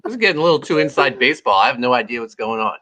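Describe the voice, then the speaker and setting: A man's voice: medium pitch, expressive, racing, pushed and bright. A man hosting a casual podcast chat, making dry, wry remarks. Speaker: podcast host.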